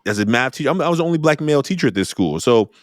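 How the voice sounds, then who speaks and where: A middle-aged man hosting an interview podcast, talking in a lively storytelling way. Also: rapid-fire, no room sound, clean studio sound. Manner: animated storyteller, jumps high when acting out exchanges. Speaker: podcast host. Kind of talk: conversational interview.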